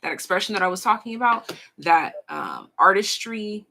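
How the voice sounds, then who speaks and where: A young woman giving a casual pick-a-card tarot reading, frank and slangy, swearing freely and stretching out her pauses. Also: medium pitch, lively intonation, vocal fry, pushed and bright, slight background noise. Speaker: tarot reader.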